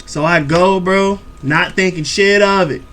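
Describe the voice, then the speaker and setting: Animated, high-voiced young man telling a story. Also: measured pace. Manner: animated, profane, laughing storytelling. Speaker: YouTube reaction host. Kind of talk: storytelling vlog chat.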